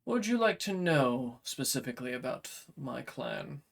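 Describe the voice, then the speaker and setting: Man doing a calm black-scaled dragonkin, slow and understated, tabletop game. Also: medium pitch, vocal fry. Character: calm male dragonkin stranger, undead survivor.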